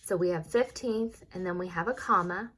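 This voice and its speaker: A young woman teacher's lowish, slightly bright voice carries a recorded reading lesson for young students, as she sounds out words slowly and clearly and goes through worksheet answers. There is slight background noise.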